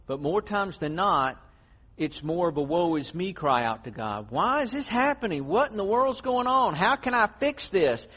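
A man preaching a sermon, emphatic, swinging from loud stress to hushed tones. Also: a little high, breathy edge.

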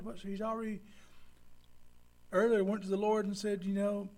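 A man's voice: high-pitched, fairly even intonation, normal speed, pauses often, a little mellow. A man preaching a folksy sermon as pastor, acting out the people he quotes. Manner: folksy, acts out quoted voices.

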